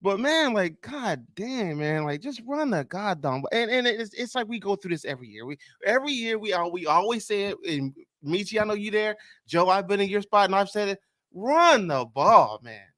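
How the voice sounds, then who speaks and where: A man hosts a sports podcast in loose, excitable chat. His voice sits a little high and swoops widely as he exclaims. The sound is dry and close. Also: fairly quick, hardly any pauses, dry recording. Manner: animated, exclaiming, many restarts and laughs. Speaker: podcast host.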